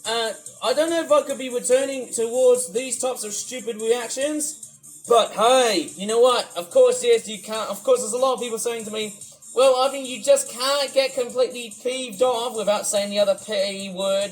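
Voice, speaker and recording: UK man, YouTuber, long-winded stream rant with loud-then-muttered delivery; faint background music. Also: high voice, steady tone, normal speed, low-quality recording. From United Kingdom. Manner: wordy, repetitive, swings between loud and mutter. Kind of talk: rambling livestream commentary. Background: music playing.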